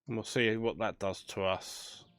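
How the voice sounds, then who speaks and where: A man's voice: on the low side, steady tone, unhurried, a bit bright, no echo, soft background music. A man chatting casually as he plays a management game, thinking aloud with dry banter. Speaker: gaming channel host. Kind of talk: casual let's play commentary.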